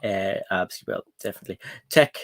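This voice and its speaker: An Irish man hosts a livestream in a low-pitched, slightly fast voice, chatting casually and reading out viewer comments. He rambles, laughs, and says um a lot. The sound is clean studio quality with no echo.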